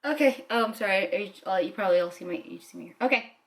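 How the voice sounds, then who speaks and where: A woman's voice: mid-range voice, animated, fast talker, creaky. Pregnant young woman rambling in a video diary. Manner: rambling, with restarts and laughter. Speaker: vlogger.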